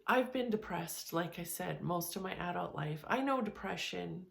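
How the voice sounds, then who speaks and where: A woman's voice: fairly low pitch, lively intonation, moderate pace, gravelly, a bit bright. A woman giving a candid, conversational self-help talk, speaking frankly and often restarting or repeating words.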